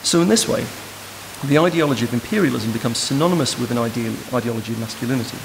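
A man giving an academic lecture in a measured, thoughtful way, recorded in a lecture room. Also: medium pitch, expressive, creaky. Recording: noisy hiss in a reverberant hall.

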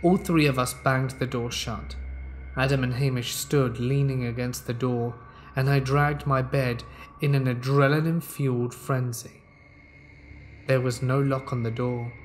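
A man reading a first-person horror story aloud in a calm, measured way, as the narrator of a scary story show. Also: mid-range voice, slight background noise. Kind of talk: scripted narration of horror stories.

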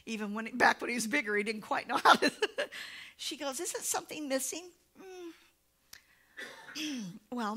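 A woman pastor preaching a sermon in church, telling stories with lively acted-out quotes. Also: mid-range voice. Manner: animated storytelling, acting out quoted voices. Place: church sanctuary.

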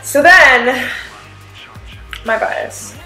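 A woman vlogger casually reviewing a concert, gushing and excitable, full of fillers and the odd swear. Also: high voice, extremely slow, echoey room, faint music behind, low-quality recording.

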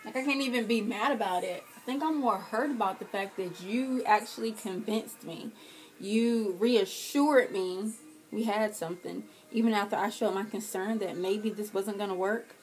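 A young woman vlogging a profane, dramatic comedic rant, swinging between loud outbursts and quiet hurt. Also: mid-range voice, moderate pace.

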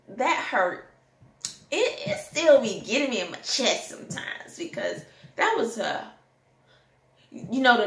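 Slow-talking woman ranting, echoey room. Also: medium pitch. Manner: animated storytelling, bursts into song. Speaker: vlogger. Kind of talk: candid personal rant.

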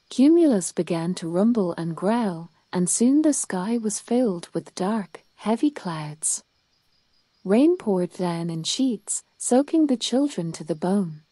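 A woman reading a children's bedtime story aloud in a calm, soothing way. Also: mid-range voice, slow pace, no room sound.

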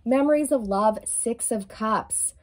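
Effusive woman giving a tarot reading. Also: a little high. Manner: effusive, emphatic, drawn-out key words; sings song lyrics softly at times. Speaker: tarot reader.

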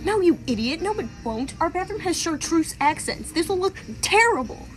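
A woman's voice: very high-pitched, sing-song, normal speed, rough recording. A woman playing a snooty entitled shopper. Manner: sneering, self-important, mocking. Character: entitled snobby woman shopper, bossy and rude. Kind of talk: comedy skit. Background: loud background music.

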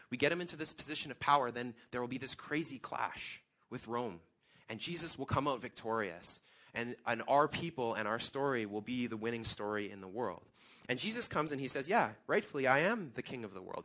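A man's voice: mid-range voice, sharp tone. A man in his thirties, a guest pastor, preaching a sermon in a conversational way with emphatic questions.

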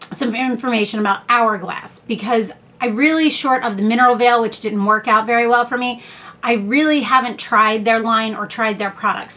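A woman with a somewhat high voice records a casual beauty haul at home, talking close to her camera. She rambles chattily through the products, with plenty of fillers and little asides. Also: bright, forceful tone. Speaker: beauty vlogger.

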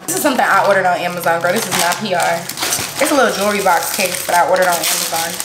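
A woman, chatting excitedly to viewers while unboxing gifts at home, gasping and gushing as she goes. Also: fairly low pitch, racing, over music. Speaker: vlogger. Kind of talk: casual unboxing vlog. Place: room at home. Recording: echoey room with background noise.

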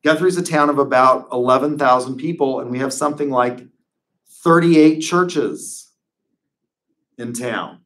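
A man's voice: medium pitch, unhurried, a bit bright. A man giving a conversational classroom lecture as a professor, full of wry, digressive asides.

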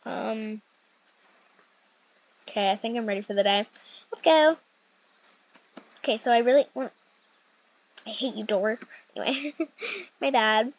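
Commentating a role-play game for her gaming channel, a young woman chats and rambles, often stopping to correct herself. Her voice is on the high side, measured in pace, with frequent pauses, recorded on a dull lo-fi mic.

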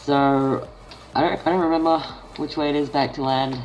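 A man's voice: fairly high pitch, little pitch movement, normal speed, faint music behind. A man with an Australian accent giving casual gameplay commentary, thinking aloud and muttering half-finished sentences to himself. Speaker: gaming channel host.

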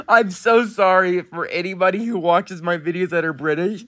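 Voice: mid-range voice, normal speed, fairly bright tone, slight background noise. A reaction video creator giving casual, giggly commentary, often exclaiming and apologizing.

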